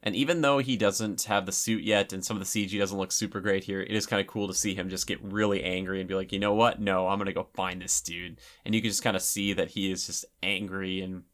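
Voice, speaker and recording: A man with a low voice talks his way through a movie in relaxed, rambling commentary. He leans on filler words and reacts as he goes, close to the mic. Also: quick pace, few pauses. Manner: chatty and rambling, with many fillers. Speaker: film commentator. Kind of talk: casual film commentary.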